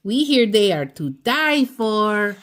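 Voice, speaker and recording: Lady voicing a bunch of happy chihuahua buddies, bouncy, emphatic, slow and lively. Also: medium pitch, slight background noise, voice pushed up. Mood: cheerful. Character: band of cheerful chihuahua pals.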